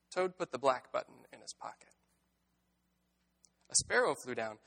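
A man preaching a sermon, reading a children's story aloud and then reflecting on it in a gentle, wry way. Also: medium pitch, very animated, normal speed, gravelly. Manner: reflective, gently wry, with word-play asides. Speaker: pastor.

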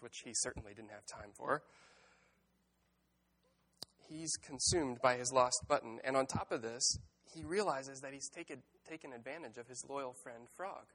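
Guy preaching, reads a kids story then muses on it, calm and a bit wry. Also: medium pitch. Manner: reflective, gently wry, with word-play asides. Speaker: pastor. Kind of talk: sermon with storybook reading.

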